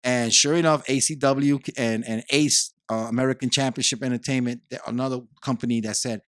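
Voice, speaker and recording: Man guest, mid pitch, lively storyteller who repeats himself, dry close sound. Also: fairly quick, hardly any pauses, dry recording. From Puerto Rico. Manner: animated storyteller, repeats words and phrases. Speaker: podcast guest. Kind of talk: casual conversation.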